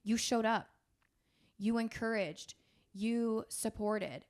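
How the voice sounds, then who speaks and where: A woman's voice: fairly high pitch, slow pace, a little mellow. A woman hosting a podcast, talking in an earnest, encouraging and emotional way. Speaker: podcast host. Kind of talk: heartfelt podcast talk.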